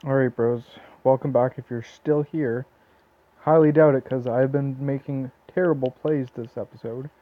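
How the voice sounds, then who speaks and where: A man's voice: mid-range voice, fairly even intonation, moderate pace, no room sound. A man with a Southern Ontario Canadian accent doing casual gameplay commentary, rambling with lots of fillers and restarts. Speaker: let's play commentator. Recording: tinny lo-fi phone-like mic.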